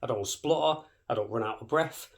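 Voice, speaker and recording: A man, chatting straight to camera at a quick clip. He is cheeky and sweary, with a middle-range voice. He keeps a joking, casual tone throughout. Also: medium pitch. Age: 30s. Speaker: vlogger.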